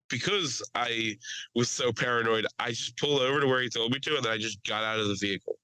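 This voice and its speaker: Loud, laughing guy. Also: mid-range voice, fast talker, clean tone, no echo, rough recording. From Delaware County, Pennsylvania. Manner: loud, animated, laughs often, swears freely. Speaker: podcast host. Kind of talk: casual podcast storytelling.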